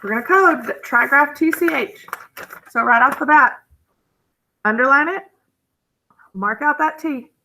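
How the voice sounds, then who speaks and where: A woman teaching phonics to young children at an unhurried pace, her voice bright with a gravelly edge. She thinks aloud as she codes each word and gasps with delight at every new rule. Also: high-pitched, a little hiss or hum, low-quality recording. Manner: thinks aloud while coding words.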